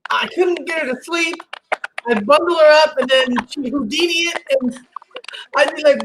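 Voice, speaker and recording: High-voiced woman telling lively stories. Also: moderate pace, background noise. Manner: animated storytelling, acts out quotes, laughs often. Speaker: host. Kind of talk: casual chat.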